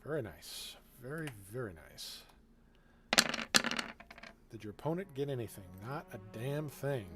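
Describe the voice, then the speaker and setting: A man acting as game master, narrating a tabletop game in a relaxed way, often chuckling and filling his talk with ums and uhs. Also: mid-range voice, a little slow, pauses often, over loud music. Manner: relaxed, chuckling, with filler-heavy asides.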